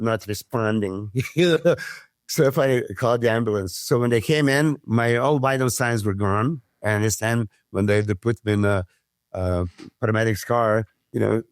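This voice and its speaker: A man's voice: fairly low pitch, no echo. Dry-voiced man. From Serbia. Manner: animated storyteller who swears freely and acts out quotes. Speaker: podcast guest, former pro bodybuilder. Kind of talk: casual storytelling chat.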